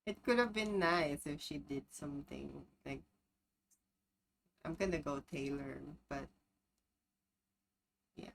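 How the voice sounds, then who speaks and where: A woman's voice: deep voice, takes it slowly, creaky, pauses often, slight background noise, rough recording. A woman streamer chatting casually, dropping laid-back interjections and blunt quips while reacting to a video.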